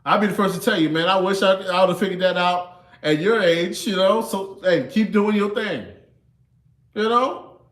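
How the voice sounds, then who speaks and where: A man's voice: high-pitched, steady tone, moderate pace, fairly bright tone, echoey room. A man in his thirties hosting a casual livestream, laid-back and chuckling, often tagging his lines with "you know" and "man". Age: 30s. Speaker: livestream host.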